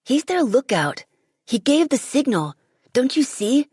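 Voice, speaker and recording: A woman's voice: high voice, sing-song, measured pace, a little mellow, slightly rough, dry recording, clean studio sound, pitched above the performer's own voice, full character voice. A woman voicing a sulky, scared twelve-year-old boy who mutters and grumbles tensely.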